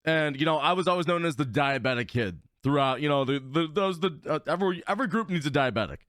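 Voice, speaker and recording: A man's voice: on the high side, fast talker, no echo, studio quality. A man co-hosting a casual podcast, telling stories with energy and acting out his friends' lines. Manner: animated storytelling, voices friends in quotes. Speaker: podcast co-host.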